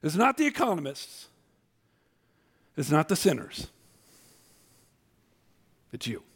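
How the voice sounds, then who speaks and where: A man delivers a sermon with a fairly high-pitched voice. His preaching is humorous and conversational. He swings between loud, punchy emphasis and soft, quiet asides. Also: big pitch swings, takes it slowly, breathy edge. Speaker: pastor.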